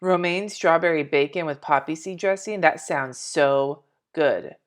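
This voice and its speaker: Woman in her forties with a slightly low voice, a chatty and scattered live-stream host who thinks out loud and swears offhand. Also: measured pace. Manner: chatty and scattered, talks to herself, swears casually. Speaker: planner vlogger. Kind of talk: live-stream chat while decorating a planner.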